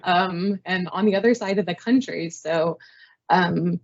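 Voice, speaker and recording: A woman's voice: on the low side, unhurried. A woman in her thirties, a guest on an interview show, telling her career story in a chatty, self-deprecating way with many ums. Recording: slightly dull lo-fi audio.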